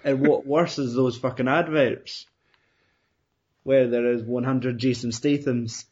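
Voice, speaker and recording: A man's voice: medium pitch, steady tone, measured pace, darkish tone, dull audio, slight background noise. A man hosting a casual podcast chat, telling rambling stories, laughing easily and asking questions.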